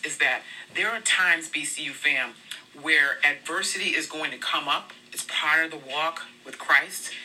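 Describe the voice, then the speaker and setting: An earnest devotional speaker shares personal testimony in a relaxed, conversational style. The voice has a very bright, edged timbre at a moderate pitch. It is recorded a little back from the microphone. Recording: voice a bit far from the mic.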